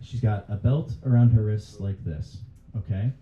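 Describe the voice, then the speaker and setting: A man's voice: on the low side, moderate pace, dark tone. A male stand-up comedian on a club stage who chats with the crowd and laughs at his own jokes. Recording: dull, roomy live club recording. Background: faint audience laughter.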